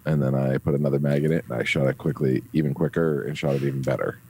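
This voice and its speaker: Very deep-voiced man, casual chat. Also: steady tone, quick pace, a little mellow, slight background noise. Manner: enthusiastic, rambling with fillers. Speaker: guest reporting from a trade show.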